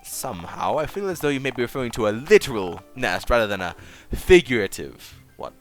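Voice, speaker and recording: Guy doing a pompous old british gent, fake accent, very animated. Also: medium pitch, fairly quick, soft background music, lightly acted. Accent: attempted British. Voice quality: stuffy, formal, old-fashioned phrasing. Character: pompous aging gentleman theater owner, formal. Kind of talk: reading a game aloud on stream.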